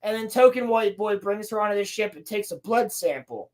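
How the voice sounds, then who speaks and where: A woman on a casual podcast, ranting profanely and exasperatedly about a show she is recapping. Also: mid-range voice. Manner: profane, exasperated ranting with quick acted quotes. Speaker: podcast co-host.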